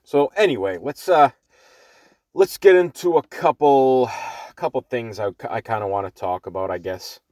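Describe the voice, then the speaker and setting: A man's voice: medium pitch, lively intonation, normal speed, a little mellow, no echo, studio quality. Rambling Boston man in his car. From Boston, Massachusetts. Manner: rambling, many fillers and restarts, blunt and profane. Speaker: podcast host. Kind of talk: off-the-cuff solo podcast monologue. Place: parked car. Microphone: earbuds mic.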